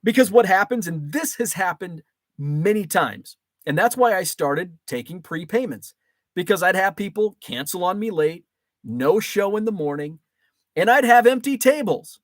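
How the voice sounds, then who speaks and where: Guy from illinois reading his stream chat out loud, kinda high voice, rambly and chill. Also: lively intonation, normal speed, dry recording. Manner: chatty, rambling, with frequent ums and restarts. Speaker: livestream host. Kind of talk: casual livestream chat, reading viewer comments aloud.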